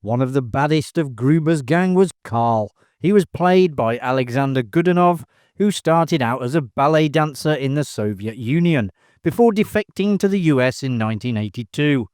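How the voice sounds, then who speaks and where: A man narrates movie facts in a measured, even scripted read. His voice is smooth and crisp, at a middle pitch, and it sounds dry and close to the mic, with no room echo. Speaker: narrator of a movie trivia channel.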